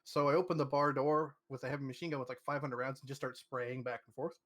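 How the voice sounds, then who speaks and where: A man with an average-pitched voice talks through his video game playthrough on a casual podcast. He sounds relaxed and matter-of-fact, padding his sentences with ums and uhs. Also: fast talker. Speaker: podcast co-host. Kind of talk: casual gaming chat.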